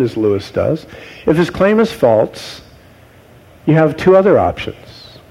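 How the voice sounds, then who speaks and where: A man preaching a sermon, posing rhetorical questions to his congregation and dropping to low, quiet tones for emphasis. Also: husky, rough recording. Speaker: pastor.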